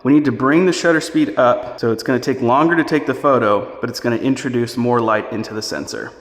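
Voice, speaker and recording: A man giving a relaxed, chatty on-location tutorial, talking through each step while he walks through a house. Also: medium pitch, fairly quick. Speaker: real estate photography instructor. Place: indoors walking through a house.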